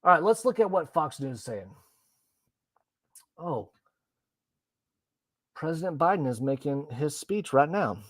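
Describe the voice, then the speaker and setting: A man's voice: fairly high pitch, big pitch swings, a little slow, pauses often, no echo. A man ranting bluntly and profanely while reacting to the news in casual commentary. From Texas. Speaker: political commentary host.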